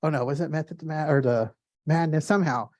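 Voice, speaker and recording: A man giving a casual gallery art talk, telling stories in excited, quick bursts with lots of fillers and restarts. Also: on the high side, no room sound. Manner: animated storyteller with many fillers and restarts.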